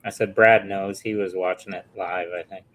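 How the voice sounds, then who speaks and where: A man's voice: sits low, little pitch movement, normal speed, fairly bright tone, rough recording. A man chatting casually while building, making short dry jokes and teasing remarks.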